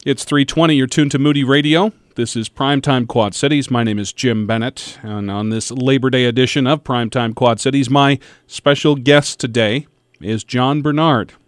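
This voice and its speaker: A man hosting a radio talk show, introducing his guest and reading a statement in a measured, deliberate way with pauses. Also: medium pitch, fairly even intonation, no room sound. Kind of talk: scripted radio hosting and interviewing. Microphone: studio microphone.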